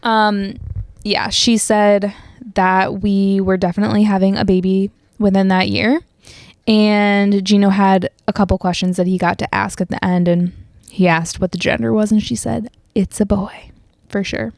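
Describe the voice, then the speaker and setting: A woman's voice: medium pitch, little pitch movement, moderate pace, darkish tone, no echo, clean studio sound. A young woman hosting a podcast, chatting casually and rambling with lots of fillers and restarts. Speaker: podcast host. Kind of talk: casual solo chat.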